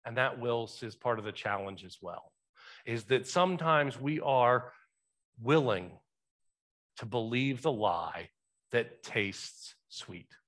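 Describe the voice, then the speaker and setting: A male pastor delivers a conversational sermon in a church sanctuary, asking questions of those gathered. He sounds animated yet slow, his medium-pitched voice fairly bright.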